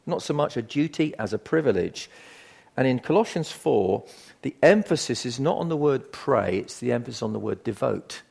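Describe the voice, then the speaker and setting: An older male preacher delivers his sermon in a mid-pitched voice with a noticeable gravelly fry. He talks like he is chatting with his listeners. He drops into soft asides, then pushes hard on key points with sudden bursts of volume. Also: lively intonation, normal speed. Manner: conversational, emphatic, swings from quiet asides to loud bursts.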